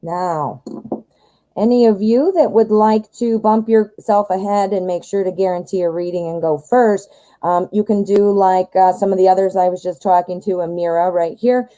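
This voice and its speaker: An American woman hosting a live tarot reading stream, chatty and talking straight to her viewers, her voice going hoarse. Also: mid-range voice, fairly even intonation, moderate pace, warm tone, low-quality recording. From United States. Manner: chatty, talks directly to viewers. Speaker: tarot reader host.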